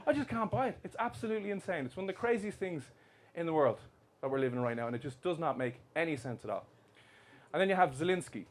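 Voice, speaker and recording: A man doing stand-up in a comedy club, teasing the audience with brash, sweary jokes. His voice sits a little high for a man. The live recording carries clear crowd noise around him. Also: animated, fast talker. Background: crowd laughter.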